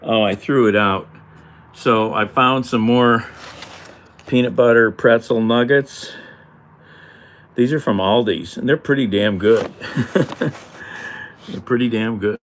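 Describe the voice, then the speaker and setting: A man's voice: medium pitch, slow pace, long pauses. A man vlogging casually at home, rambling to himself and his cats with some mild cursing. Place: home, indoors.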